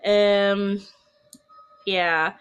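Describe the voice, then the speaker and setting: A woman's voice: mid-range voice, steady tone, very slow, fairly bright tone, clean tone, muffled recording. A woman telling her own ghost story to camera in a casual, chatty way, rambling with asides and restarts. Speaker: storyteller of personal ghost stories.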